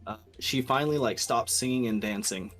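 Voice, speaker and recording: A man's voice: medium pitch, brisk, a bit bright. A young man narrating as game master in a tabletop game, casual, swearing, with many fillers and restarts, faint music behind.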